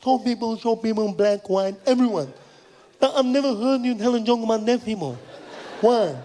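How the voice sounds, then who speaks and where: A man voicing a pushy, cheerful, partially deaf young male fan who talks loudly and bluntly in a stand-up routine. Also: extremely high pitch, moderate pace, pitched above the performer's own voice. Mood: insistent. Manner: loud, insistent and blunt.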